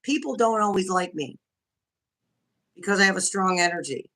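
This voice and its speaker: A woman's voice: mid-range voice, expressive, normal speed, fairly bright tone. A woman joining a casual livestream chat by video call, speaking frankly and openly with frequent restarts. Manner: candid, frank, restarts often. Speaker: guest.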